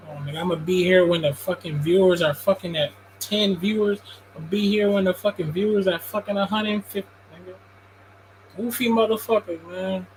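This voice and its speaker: A man's voice: sits high, fairly even intonation, normal speed, slight background noise, rough recording. A man hosting a casual livestream sports talk show, laid-back, profane and dismissive. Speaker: host.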